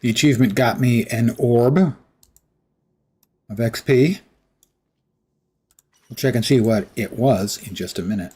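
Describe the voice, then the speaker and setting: Husky-voiced male streamer, dry sarcastic gameplay commentary. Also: mid-range voice, takes it slowly, pauses often, darkish tone. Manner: sarcastic, wry asides to chat. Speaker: livestream gamer.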